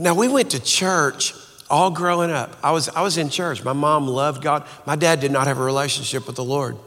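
A man's voice: mid-range voice, fairly bright tone. Man telling a story in a reverberant hall. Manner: earnest, halting with frequent restarts. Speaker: speaker and author. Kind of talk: personal storytelling talk.

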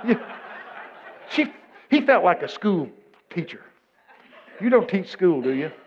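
A man from Texas with a Texan accent, telling a humorous story to a live audience. He swings from mumbled asides to loud exclamations. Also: high-pitched, sing-song, unhurried, highs cut off, slight background noise. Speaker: speaker addressing an audience.

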